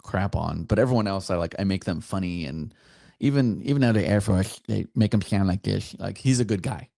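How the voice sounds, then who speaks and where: A man's voice: sits low, a little fast, vocal fry, warm tone, dry recording, studio quality. A man who is a soldier, chatting as a podcast guest, hesitant with many fillers. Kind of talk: casual interview chat.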